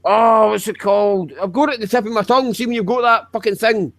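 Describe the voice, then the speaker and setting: A man's voice: sits high, steady tone, fast talker, no echo. A man from Yorkshire with a Yorkshire accent, chatting casually and joking with swearing and playful northern storytelling. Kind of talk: casual chat with banter.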